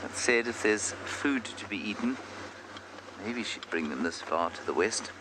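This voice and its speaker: A man's voice: on the low side, lively intonation, measured pace. A man working as a safari guide, giving chatty, self-deprecating commentary on a live game drive from an open vehicle outdoors. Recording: outdoor noise from a moving vehicle.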